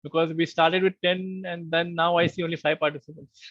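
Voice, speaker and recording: A man's voice: on the high side, little pitch movement, a little fast, fairly bright tone, no echo. A man teaching a live online lecture, explaining patiently in a conversational way over a meeting call. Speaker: online course instructor. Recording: muffled online call audio.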